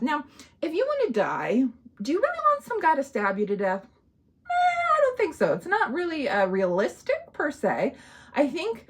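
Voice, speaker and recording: A woman talking through a film review in a casual vlog. Her voice sits fairly high and swings widely in pitch as she chats, laughs and acts out snippets of dialogue. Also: husky. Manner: animated, chatty, laughs often, acts out quotes.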